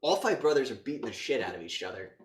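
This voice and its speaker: A man co-hosting a podcast, retelling a movie's plot in casual chat and slipping into quick voice impressions. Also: mid-range voice, sing-song. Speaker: podcast co-host. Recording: roomy echo, mic a bit distant.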